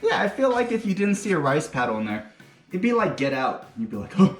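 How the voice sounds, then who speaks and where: Fast-talking and fairly bright in tone, this male cooking show host has a high-pitched voice with big pitch swings. He gives a casual home kitchen demonstration full of crude talk and joking, rambling asides, recorded in an echoey room with faint music.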